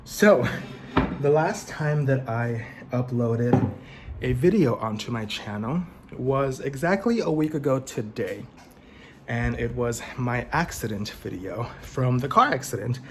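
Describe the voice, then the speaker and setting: A young man talks to his camera at home between bites of food, loose and self-mocking, with plenty of swearing. His pitch sits in an ordinary middle range. A faint hum of room noise lies under the voice. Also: expressive, unhurried. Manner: chatty, swearing, self-mocking, laughs often; talking while eating. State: slightly out of breath. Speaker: vlogger. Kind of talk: casual mukbang vlog chat. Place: home apartment, indoors. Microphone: camera set in front.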